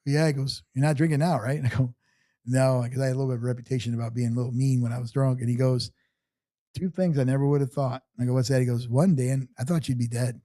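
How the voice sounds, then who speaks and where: A man's voice: medium pitch, fairly even intonation, fast, mellow, no room sound. A man in his sixties, an interview guest telling long personal stories in an earnest, rambling way, often restarting sentences. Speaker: podcast guest. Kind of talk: casual storytelling interview.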